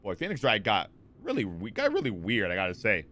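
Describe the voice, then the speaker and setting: A man's voice: on the low side, huge pitch swings, fairly quick, bright, forceful tone. A man in his twenties chatting casually on a live stream, rambling with lots of fillers and restarts as he answers chat.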